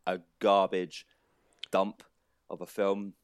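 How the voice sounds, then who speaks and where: A man co-hosting a podcast, joking excitably and swearing freely in casual banter. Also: deep voice, slow, clear, resonant tone, no echo, clean studio sound. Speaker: podcast co-host.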